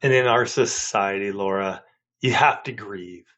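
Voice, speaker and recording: A man's voice: fairly low pitch, measured pace, a bit bright. A man in his forties, a marriage coach and podcast guest, speaking earnestly and with emphasis. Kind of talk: podcast interview.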